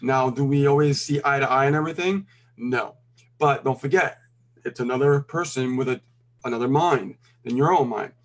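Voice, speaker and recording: A middle-aged man giving casual life advice, calm and full of "you know" and "okay" check-ins. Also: medium pitch, moderate pace. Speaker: co-host.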